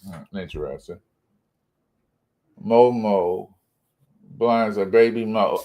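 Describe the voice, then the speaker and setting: A man hosting a casual livestream, rambling on and stumbling over his words as he reads comments aloud. His voice sits fairly low, and he laughs often, drifting between loud remarks and low mumbles. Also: expressive, slow, long pauses. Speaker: livestream host.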